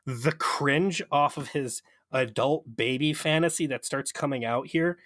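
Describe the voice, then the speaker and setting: A man's voice: fairly high pitch, a little slow, fairly bright tone, dry recording. A man co-hosting a podcast, recapping an episode in a rambling, profane, amused way. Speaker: podcast co-host. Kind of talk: casual chat.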